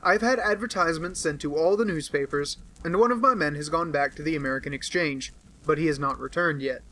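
A man's voice: on the high side, fairly quick, pushed and bright. A man voicing a stiff, touchy police inspector. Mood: businesslike. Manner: businesslike report, touchy. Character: stiff, easily offended male police inspector. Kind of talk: audiobook character voice.

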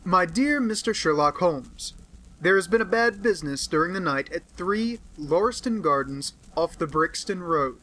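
A formal male police inspector as a man reads his letter in an audiobook. Measured and businesslike, with a bright, forceful tone. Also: high-pitched, animated, exaggerated voice, poor audio.

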